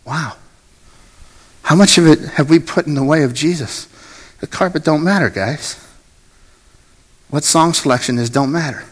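A man's voice: a little high, moderate pace, long pauses, husky. A man preaching a sermon as pastor, earnest, repeating his phrases and asking the congregation to say lines with him. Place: church sanctuary. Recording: long hall reverb with faint music.

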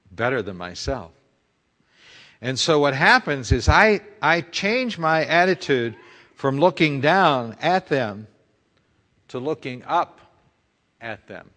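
A man's voice: medium pitch, a bit bright, in a large hall. A male pastor preaching a conversational sermon full of rhetorical questions.

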